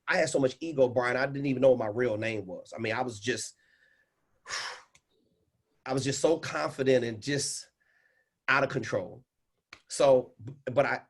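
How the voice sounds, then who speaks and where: Husky guy coaching on a livestream, mid pitch, animated, goes loud then hushed. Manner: animated and instructive, swinging between loud and hushed. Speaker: speaking coach and host.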